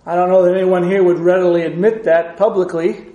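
A male preacher with a high voice gives an earnest, measured sermon. He teaches steadily and reads passages aloud. The room around him is echoey. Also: flat delivery, warm tone, muffled recording.

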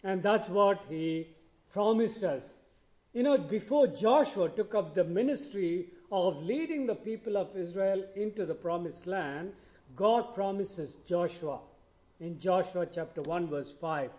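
A male preacher with a fairly high voice and a soft, mellow tone. He speaks slowly and deliberately, and he rises in pitch and volume when he quotes promises from scripture. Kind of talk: sermon.

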